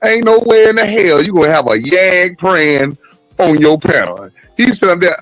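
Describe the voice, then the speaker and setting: A man's voice: fairly high pitch, very animated, normal speed, a bit bright, no echo, low-quality recording. A man in casual panel chat, crude and mocking, laughing as he talks. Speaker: panel caller.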